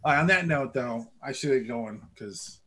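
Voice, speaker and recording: A man co-hosting a casual podcast chat, animated and quick to swear and act out voices. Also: medium pitch. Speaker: podcast co-host.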